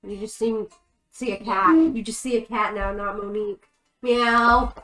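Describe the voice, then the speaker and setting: A woman's voice: medium pitch, level tone, normal speed, sharp tone, faint music behind, low-quality recording. A woman playing in a tabletop game, talking in a playful, easygoing way. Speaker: player.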